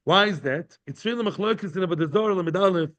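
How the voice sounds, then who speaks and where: A man's voice: high-pitched, fast talker, a bit bright. A man teaching a daily Talmud class to a live group. He translates each phrase, repeats himself and checks in with the listeners. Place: study hall with a live class.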